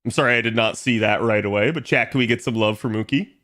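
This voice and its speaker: Streaming from home, a young man chats casually with viewers in a lowish, fairly bright voice at a quick pace. He rambles, leans heavily on fillers, and reads chat aloud.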